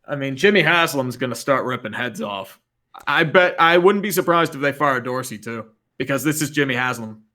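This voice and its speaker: A man's voice: mid-range voice, lively intonation, moderate pace, sharp tone. A man co-hosting a casual sports stream, joking and mock-exasperated about his team. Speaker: co-host.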